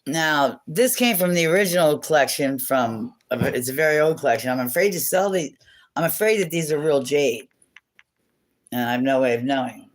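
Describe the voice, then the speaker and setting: A woman's voice: deep voice, animated, moderate pace. A woman hosting a casual livestream from home on her phone, rambling and chatty, laughing often and swearing now and then. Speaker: livestream host.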